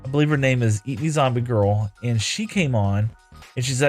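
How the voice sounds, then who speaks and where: A man's voice: medium pitch, lively intonation, brisk, faint music behind. A man chatting casually while streaming a building game, reading viewer comments aloud and thanking viewers. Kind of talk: casual live-stream chat while playing.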